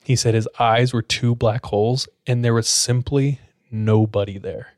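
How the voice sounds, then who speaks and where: A man hosting a podcast, casually telling a scary story in a relaxed way and filling his speech with "like". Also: medium pitch, unhurried, no room sound, clean studio sound. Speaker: podcast host.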